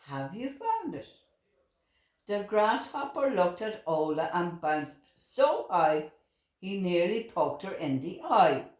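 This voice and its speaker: An older woman reading a children's picture book aloud, slow and expressive. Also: lowish voice. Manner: slow and expressive, with lively voices. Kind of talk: storybook read-aloud. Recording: roomy echoing room.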